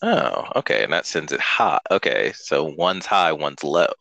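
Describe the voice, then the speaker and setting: A man's voice: very deep voice, sing-song, measured pace, gravelly, sharp tone, no room sound, highs cut off. A man co-hosting a podcast in casual chat, dry and precise, often laughing at his own remarks. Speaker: podcast co-host.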